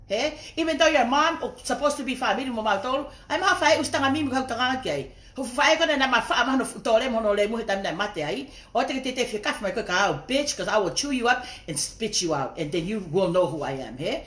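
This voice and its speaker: A woman's voice: a little high, lively intonation, fast, fairly bright tone. A woman ranting on a phone livestream, profane and confrontational, slipping between English and Tongan phrases. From raised outside Tonga. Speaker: social media livestreamer. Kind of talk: angry livestream rant. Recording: roomy echo.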